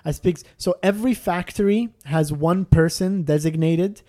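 A man's voice: high-pitched, moderate pace, warm tone. A man in casual chat telling a long travel story, rambling with restarts and self-deprecating jokes.

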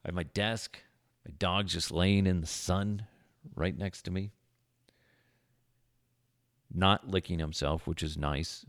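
A man's voice: low-pitched, steady tone, slow, long pauses, no echo, clean studio sound. A man hosting a casual podcast from his home office, crude and joking, swearing freely. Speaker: podcast host. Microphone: podcast microphone.

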